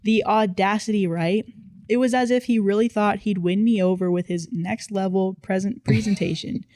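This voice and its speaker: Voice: mid-range voice, fairly even intonation, normal speed, a little mellow, dry recording. A narrator reading online posts aloud in casual storytime style, with dry, playful emphasis.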